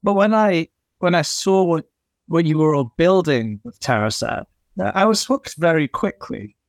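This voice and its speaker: A man being interviewed as a new CEO, answering in an earnest, measured way. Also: fairly high pitch, animated, creaky, no room sound, studio quality.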